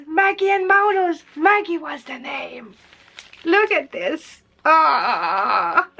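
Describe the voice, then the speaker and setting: A woman's voice: sits high, sharp tone, highs cut off. A woman vlogger chatting casually through an unboxing, emotional and laughing often.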